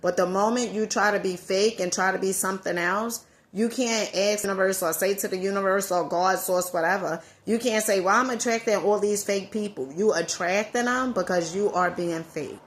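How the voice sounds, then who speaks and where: A woman's voice: mid-range voice, moderate pace, few pauses. A woman with a Southern accent giving an emphatic motivational talk to her viewers, repeating key phrases for effect. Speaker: motivational vlogger.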